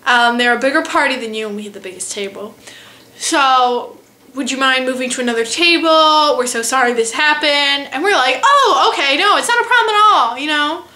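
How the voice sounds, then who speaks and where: A teenage girl vlogging, telling a funny travel story in a casual, animated, self-mocking way. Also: high voice, moderate pace. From United States. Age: teens.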